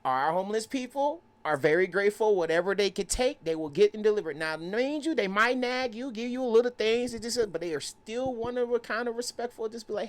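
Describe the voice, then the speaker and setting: Animated young man telling a story. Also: very high voice, a little fast. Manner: lively, acts out quoted voices, laughs often. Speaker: podcast guest.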